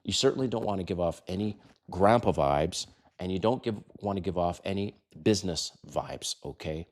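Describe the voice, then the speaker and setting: A man's voice: sits low, moderate pace, slight background noise. An older man coaching other men on dating, blunt and direct, full of rhetorical questions. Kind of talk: direct-to-camera advice talk.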